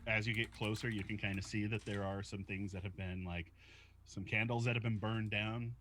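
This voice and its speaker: Low-voiced man running a tabletop game. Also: level tone, normal speed, fairly bright tone. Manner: loose, searching description. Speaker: game master.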